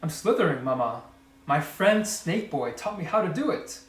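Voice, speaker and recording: A man voicing a young frog boy, cheerful and eager, in a high excited child voice. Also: normal speed, reverberant, recorded from a distance, lightly acted.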